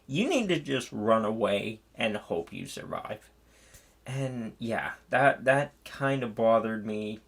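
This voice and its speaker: A man's voice: medium pitch, a bit bright. A man giving a casual spoken movie review, rambling and swearing, with many fillers and restarts.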